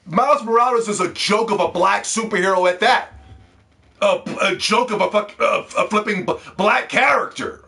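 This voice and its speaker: Brief: male gaming vlogger, fired-up profane rant, voice sits a bit high. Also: normal speed, vocal fry, sharp tone. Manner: heated, profane, repeats words when worked up. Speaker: gaming video host. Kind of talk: ranting video commentary.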